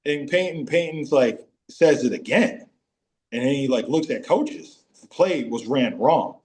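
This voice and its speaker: Speaking at a measured pace, the ex-football pro tells animated locker-room anecdotes as a podcast guest. High-pitched impressions of teammates pop up throughout this casual interview.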